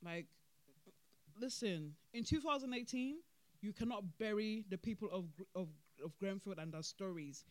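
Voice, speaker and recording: A podcast host, talking through events in animated casual commentary, laughing and repeating points for emphasis. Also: medium pitch, normal speed, no room sound.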